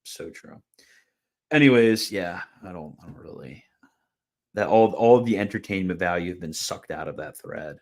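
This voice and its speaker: Young guy rambling on his livestream, kinda low voice, lots of ums and restarts. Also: lively intonation, normal speed. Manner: rambling, laughs at comments, many fillers and restarts. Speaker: livestream host answering chat. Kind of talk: casual live-stream chat and Q&A.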